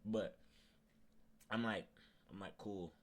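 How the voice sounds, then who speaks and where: A man's voice: low voice, moderate pace. A young male streamer with a Haitian Creole-tinged Florida accent, emotionally ranting on a livestream, repeating himself for emphasis and fighting back tears. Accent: Haitian Creole-influenced Floridian English. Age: young adult. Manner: repetitive, emphatic, slangy.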